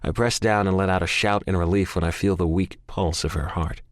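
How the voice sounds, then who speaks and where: A man's voice: low-pitched, fairly even intonation, brisk, no echo, clean studio sound. A man narrating a first-person audiobook in an intense, emotional way. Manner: intense, emotional, frequent swearing.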